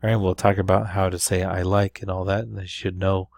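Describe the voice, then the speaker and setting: A man with a somewhat low voice gives a patient review lesson, explaining step by step and checking in with his listeners. His sound is dry and close, with no room around it. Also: flat delivery, fairly quick, gravelly, darkish tone, dry recording. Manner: explanatory, patient, with fillers and frequent "right?". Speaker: Spanish teacher. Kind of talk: recorded classroom review lesson.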